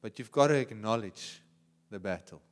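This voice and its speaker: A male pastor with a South African accent preaching a sermon, swinging from hushed, prayerful tones to loud, passionate cries. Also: fairly low pitch, normal speed, long reverb tail.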